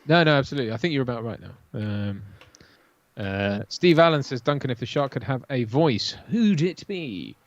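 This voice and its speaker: A man's voice: mid-range voice, sing-song, normal speed, no echo. A man co-hosting a watch-party stream in casual, rambling chat, often restarting his sentences. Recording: dull lo-fi stream audio.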